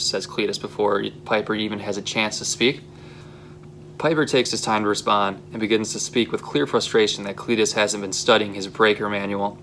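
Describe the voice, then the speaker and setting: Brief: young male student reading his story, low voice, faint hiss behind. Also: steady tone, a little fast, fairly bright tone. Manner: plain, casual read with occasional fillers. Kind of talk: reading a story script aloud.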